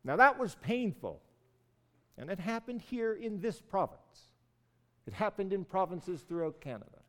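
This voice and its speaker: An older man from Newfoundland preaches with an earnest, storytelling warmth. His voice sits a touch higher than most men's, and he lifts it with growing force when he voices the figures of the story. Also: animated, moderate pace, long reverb tail. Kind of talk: sermon.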